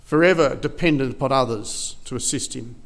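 A man's voice: mid-range voice, a little fast, gravelly. A man preaching a sermon, retelling a Bible story conversationally with frequent restarts and repeated words.

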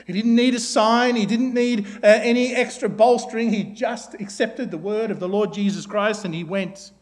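A man preaching a sermon, asking his listeners rhetorical questions and often ending his points with tag questions like "isn't it?", then dropping to a soft, slow voice when he quotes a prayer. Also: high voice, steady tone.

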